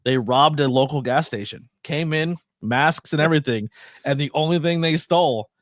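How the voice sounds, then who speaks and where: A man co-hosting a casual wrestling podcast, joking and laughing through quick asides. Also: a little high, no echo, clean studio sound. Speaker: podcast co-host.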